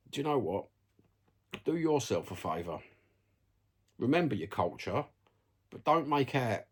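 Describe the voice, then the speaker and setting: A vlogger with a Cockney accent sits at home and rants bluntly to the camera, swearing a lot. His voice is lowish with a breathy edge, and he's chatty, often throwing in "you know what I mean."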